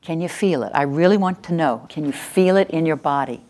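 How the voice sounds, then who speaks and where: A woman's voice: low-pitched, a little fast, darkish tone. A woman giving a workshop lecture, speaking emphatically, repeating key phrases and checking in with her audience. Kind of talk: teaching lecture to a live audience.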